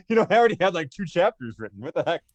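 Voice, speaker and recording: A man co-hosting an interview show, effusive in his reactions and quick to laugh. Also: sits high, big pitch swings, dry recording. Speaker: co-host. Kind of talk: casual interview chat.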